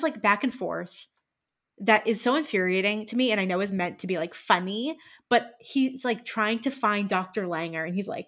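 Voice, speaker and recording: Chatty young woman podcast co-host. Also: mid-range voice. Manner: animated storytelling, lots of "like". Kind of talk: casual chat.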